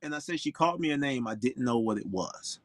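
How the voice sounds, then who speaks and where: A man's voice: medium pitch, fast, dry recording. Outspoken man from Florida, dry sound. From Orlando, Florida. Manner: outspoken, emphatic, animated storyteller. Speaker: pro golfer guest. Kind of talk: interview storytelling.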